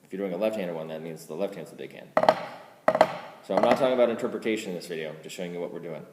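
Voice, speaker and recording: A man teaching drum rudiments in a casual way, counting strokes aloud louder than he explains. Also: sits low, very fast. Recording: roomy reverb with loud background noise.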